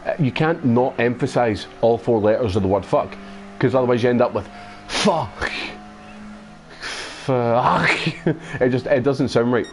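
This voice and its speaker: A man's voice: mid-range voice, a little fast, a little mellow, faint music behind. A Scottish man chatting casually while streaming a racing game, sweary and mocking, often laughing. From Scotland. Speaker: gaming streamer. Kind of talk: casual gaming stream chat.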